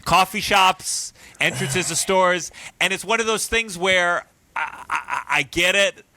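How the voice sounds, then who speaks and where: A man's voice: high-pitched, slow, pushed and bright, no room sound. A man hosting a podcast, telling a rambling anecdote in casual chat. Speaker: podcast host.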